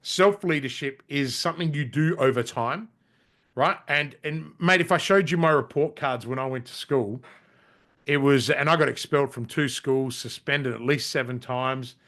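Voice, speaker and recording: The podcast guest, a middle-aged Australian, tells business stories bluntly and casually at a moderate pace in a mid-range, slightly bright voice. He swears frequently and often restarts what he's saying.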